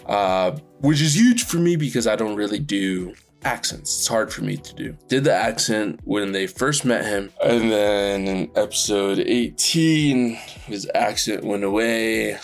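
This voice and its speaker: A man's voice: fairly low pitch, gravelly. A man who runs a tabletop game podcast, chatting through a recap and apologizing for his mistakes with many fillers. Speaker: podcast dungeon master. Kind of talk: casual solo recap.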